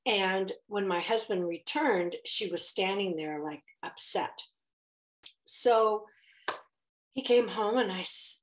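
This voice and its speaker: A middle-aged woman telling a story to children, animated and expressive, acting out the voices. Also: medium pitch, rough recording. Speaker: children's story time host.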